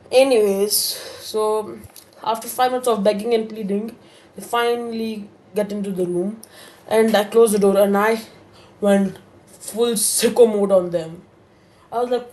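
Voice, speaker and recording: A woman's voice: mid-range voice, measured pace, a little mellow. A woman telling a story-time tale in a casual, rambling way, with many fillers and restarts.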